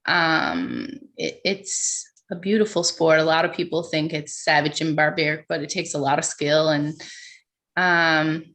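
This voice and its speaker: A woman's voice: sits low, animated, a little slow, a bit bright. Upbeat young woman host. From Newfoundland, Canada. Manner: upbeat, laughs often, says "like" a lot. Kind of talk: casual interview chat.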